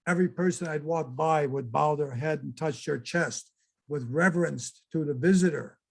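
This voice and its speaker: A man's voice: on the high side, normal speed, gravelly. An older man giving a casual, chatty slideshow talk and exclaiming to his audience as presenter. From United States.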